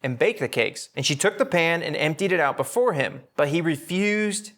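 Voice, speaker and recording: Guy teaching bible study to a group, bit higher voice, acts out the lines casually. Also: animated, normal speed, a bit bright. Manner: conversational, acts out characters' lines in casual slang. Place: room with a live group.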